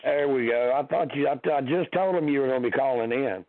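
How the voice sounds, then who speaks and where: A hoarse man with a sinus infection, hosting a casual call-in podcast and rambling with many ums and restarts. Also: mid-range voice, a little fast, dry recording. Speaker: podcast host. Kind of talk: casual call-in show chat. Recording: tinny phone-line audio.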